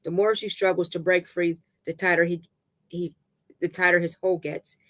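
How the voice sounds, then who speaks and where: Someone reads a dramatic novel aloud in a medium-pitched, fairly bright voice with a flat delivery. The reading is halting, now and then stumbling over words and restarting them.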